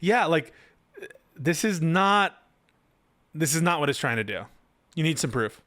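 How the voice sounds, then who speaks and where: Man, commentator, slightly high voice, incredulous and sarcastic, dry close sound, reaction commentary. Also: very animated, measured pace, pushed and bright, no echo. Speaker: political commentator. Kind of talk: reaction commentary on a written post.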